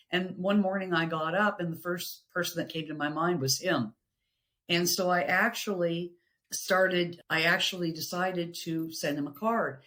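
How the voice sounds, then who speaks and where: A middle-aged woman, a podcast guest, sharing personal stories in an earnest, reflective way, with pauses and restarts. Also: fairly low pitch, a bit bright.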